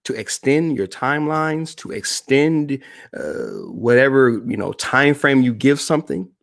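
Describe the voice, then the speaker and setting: A man's voice: mid-range voice, lively intonation, a little slow, gravelly. A man speaking as a motivational speaker on a live-stream broadcast, emphatic and repeating key phrases while addressing the audience directly.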